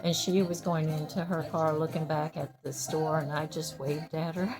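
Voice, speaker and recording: A woman's voice: sits low, level tone, moderate pace, music in the background. An older woman casually telling personal stories in a rambling way, laughing often and restarting her sentences. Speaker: storyteller sharing memories.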